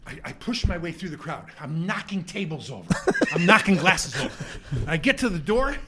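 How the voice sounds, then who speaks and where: Brief: middle-aged male comic, high voice, swoops wide, salty animated storyteller. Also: brisk, crowd noise. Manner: profane, acts out voices of others in the story. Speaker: guest comedian.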